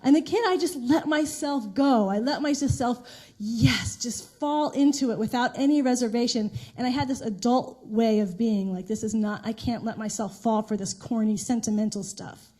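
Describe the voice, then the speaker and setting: A middle-aged woman minister preaches in a loose, conversational way, telling stories with restarts and the odd soft laugh. Her voice sits a little high, with a mellow, warm tone. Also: normal speed. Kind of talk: sermon. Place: church sanctuary.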